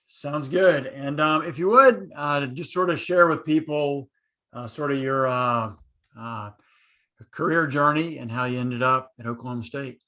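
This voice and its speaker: A man with a bright, sharp voice hosts a podcast interview. He stutters now and then, cutting words off partway before starting them again. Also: mid-range voice, measured pace. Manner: stutters, with broken-off word starts. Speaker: podcast host.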